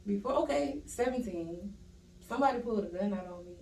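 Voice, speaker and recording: A young adult woman with a Louisiana accent, a podcast guest telling stories in a casual, animated way, laughing often and quoting herself. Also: medium pitch, a little fast. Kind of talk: casual storytelling chat. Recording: roomy room, distant mic, faint hiss.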